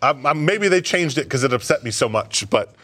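A man's voice: medium pitch, a little fast. A young man co-hosting a gaming podcast, swearing often and laughing as he tells game stories. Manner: swearing, laughing, animated storytelling. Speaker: podcast co-host. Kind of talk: casual chat.

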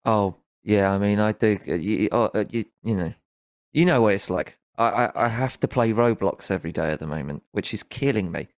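Low-voiced stammering man. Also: no room sound, studio quality. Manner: halting, stammering, blunt swearing. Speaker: podcast co-host. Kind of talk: casual chat.

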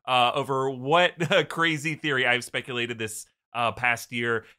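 A man's voice: medium pitch, fairly even intonation, a little slow, pushed and bright, clear, resonant tone. A man on a comedy panel, presenting a fan theory with playful mock-formal asides over a video call. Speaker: guest panelist. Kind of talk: casual comedic panel chat.

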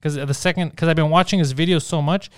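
A man tells stories in casual podcast chat, animated and full of swearing. His voice sits high and sounds smooth and clear. The sound is dry and close. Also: fast talker, dry recording. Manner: animated, profane, jumps into high mocking voices for quotes. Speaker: podcast co-host. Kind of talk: casual chat, storytelling with acted quotes.

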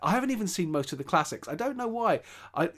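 A chatty man co-hosting a film podcast, with a slightly higher voice than most men. He talks in a loose, teasing way and laughs often. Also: sing-song, fast talker, a bit bright. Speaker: podcast co-host. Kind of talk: casual chat.

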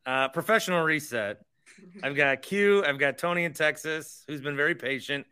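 A man's voice: on the high side, normal speed, pushed and bright, clear, resonant tone. A man hosting a sports podcast, ranting with sarcasm and swearing about his team. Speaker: podcast host. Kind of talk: heated sports talk.

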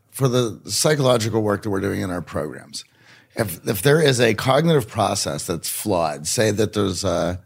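A man's voice: fairly low pitch, vocal fry, slightly rough. A man co-hosting an interview, building his questions and points thoughtfully. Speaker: co-host. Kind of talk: conversational interview.

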